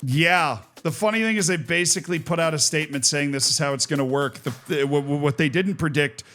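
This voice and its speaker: A man's voice: on the high side, brisk, fairly bright tone. A man giving casual, jokey commentary on video game memes, sarcastic and full of mock outrage. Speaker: gaming YouTuber reacting to memes.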